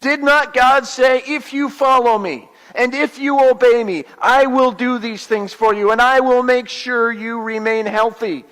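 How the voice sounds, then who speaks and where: A male pastor voicing an angry prophet leader, scolding with rhetorical questions, louder and higher than his narration. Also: steady tone, measured pace, hardly any pauses, clear, resonant tone. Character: stern angry prophet leader, older man. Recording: long hall reverb.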